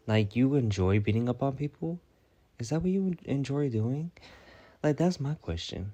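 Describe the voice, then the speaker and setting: A man's voice: medium pitch, expressive, moderate pace, mellow. A man ranting through a storytime vlog, profane and exasperated, firing off rhetorical questions. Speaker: storytime vlogger. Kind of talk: casual storytime rant.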